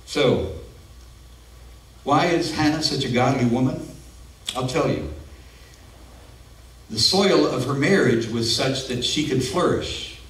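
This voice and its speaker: In a church sanctuary, a pastor preaches a sermon in an earnest, conversational manner with personal asides. His mid-range voice moves slowly with frequent pauses, and the distant mic picks up an echoey room.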